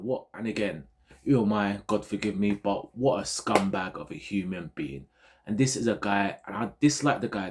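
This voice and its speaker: Man from Ghana, football vlogger, lowish voice, casual digressive rant. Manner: animated, digressive, repeats himself. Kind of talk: casual ranting commentary.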